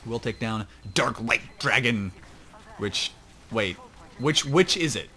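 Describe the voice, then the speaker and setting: This male esports shoutcaster takes it slowly, his mid-range voice pushed and bright with lively intonation. He chats and rambles through casual play-by-play of an online match at his home computer, mocking himself along the way.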